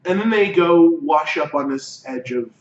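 Man, podcast co-host, casual recap, higher-pitched voice, distant, dull lo-fi recording. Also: animated. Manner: casual, acts out characters' lines in quick asides. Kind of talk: casual chat recapping an anime. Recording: echoey, distant, dull lo-fi room mic with faint noise.

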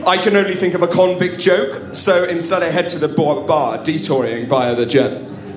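A man performs a comic story before a live audience in an echoing room. His voice sits a little high for a man. He delivers it wryly and theatrically, breaking off to talk straight to the crowd. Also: steady tone, normal speed, music in the background. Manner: wry, theatrical, with asides to the audience. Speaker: comedian storyteller. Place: live comedy venue. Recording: echoey room at a live show.

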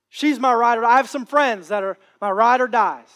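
A man's voice: very high-pitched, a little fast, few pauses, fairly bright tone. A man preaching a sermon with impassioned, repetitive phrasing. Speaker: pastor.

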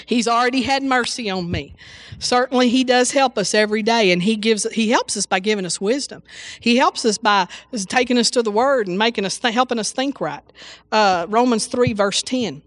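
A woman delivers an informal sermon in a fairly high voice, breaking in with hallelujahs and trailing into restarts. The sound is close and dry, with no room in it. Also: moderate pace, dry recording. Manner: repetitive, exclamatory, frequent hallelujahs and restarts. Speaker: preacher.

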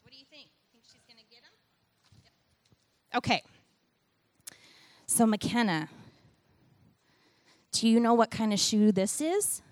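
A middle-aged woman giving a sermon with a children's object lesson, animated and playful as she talks to the kids and the congregation. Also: on the high side, unhurried, long pauses, dry recording. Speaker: church speaker giving a children's message.

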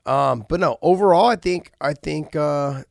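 A man's voice: a little high, unhurried, creaky, dry recording, clean studio sound. A middle-aged man hosting a casual podcast, talking earnestly with many restarts and fillers. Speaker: podcast host and former fighter.

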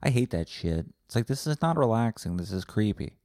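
A man's voice: fairly low pitch, expressive, fairly quick, darkish tone, dry recording, clean studio sound. A man hosting a solo podcast, rambling and ranting sarcastically with lots of swearing and self-interruptions. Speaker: podcast host.

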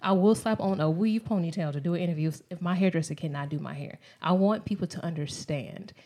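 A woman's voice: fairly low pitch, quick pace, warm tone. A young woman guest on a podcast, speaking emphatically and upbeat about her business. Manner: upbeat, emphatic self-promotion. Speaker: guest, music and hair brand owner. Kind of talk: casual interview chat.

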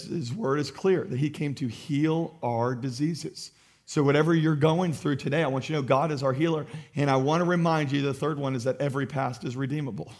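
A male pastor preaching a sermon with passion, swinging between loud exhortation and hushed emphasis. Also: mid-range voice.

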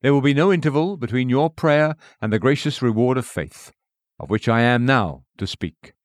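A man reading a sermon aloud in an earnest, emphatic preaching manner, rising on key phrases and dropping to hushed endings. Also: medium pitch, lively intonation, normal speed, dry recording, clean studio sound. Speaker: sermon reader.

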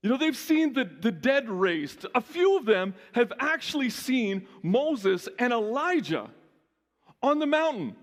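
A male pastor giving a lively, conversational sermon, often restarting his sentences. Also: very high-pitched, a little slow, big-room sound.

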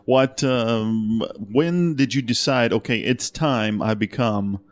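A man's voice: medium pitch, slow. Host: man, conversational, gives short encouraging prompts to his guest. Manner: brief encouraging interjections and gentle prompts. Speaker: talk show host. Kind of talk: conversational interview.

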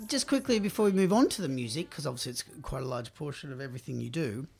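A woman hosting a casual interview, lively and teasing. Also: a bass voice, quick pace, vocal fry, music in the background. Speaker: podcast host.

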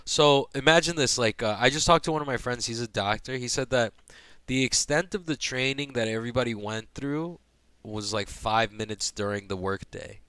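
A young man casually telling a hospital story, profane and animated, acting out the people he quotes. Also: medium pitch, moderate pace, clear, resonant tone, dry recording.

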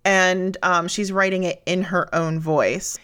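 A woman co-hosting a book podcast in easy conversation. Her voice sits a little low, and she is quick to back up what her co-host says. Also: steady tone, a bit bright, smooth. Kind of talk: casual book-club chat.

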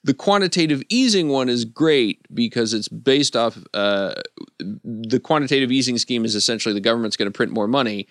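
Wry, smooth-voiced man in dry studio. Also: medium pitch, lively intonation, brisk, dry recording. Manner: wry, analytical, dry humor. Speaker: podcast panelist. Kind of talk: casual podcast discussion.

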